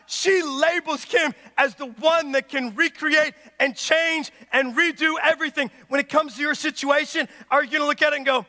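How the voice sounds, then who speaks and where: A man, a pastor, preaching an impassioned sermon that swings from quiet to shouted emphasis and calls out to the congregation. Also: very high voice, steady tone, moderate pace, hardly any pauses. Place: church sanctuary. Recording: long church-hall reverb.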